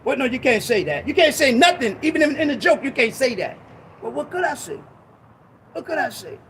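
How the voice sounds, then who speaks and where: High, lively-voiced man preaching emphatically. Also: brisk, a little hiss or hum. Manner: emphatic, repetitive, rising to shouts; conversational street slang. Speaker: ministry talk show speaker. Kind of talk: impassioned preachy talk.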